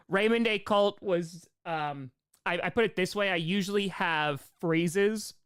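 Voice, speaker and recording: A young man hosting a live stream, chatting casually in a rambling, excitable way. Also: high voice, smooth, no room sound, clean studio sound.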